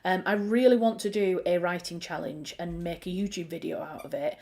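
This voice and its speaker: A woman with a Yorkshire accent, a writer hosting a relaxed livestream, chatting loosely and answering viewers from home. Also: on the low side, brisk, slight background noise. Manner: chatty, self-described chaotic, answers chat messages. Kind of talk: casual livestream chat. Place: at home with her dog.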